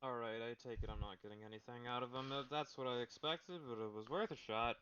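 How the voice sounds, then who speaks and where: A male player in a tabletop game, deliberate and thinking out loud about his choices. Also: mid-range voice. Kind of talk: casual tabletop play. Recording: muffled noisy mic.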